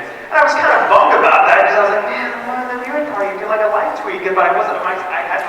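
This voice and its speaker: A man's voice: on the high side, far from the mic. A man answering fan questions on a convention panel, telling jokey stories and acting out quoted lines. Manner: animated, jokey storytelling with quoted voices. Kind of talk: live Q&A panel talk. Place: convention hall with audience. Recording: echoey hall, mic heard from afar, noisy.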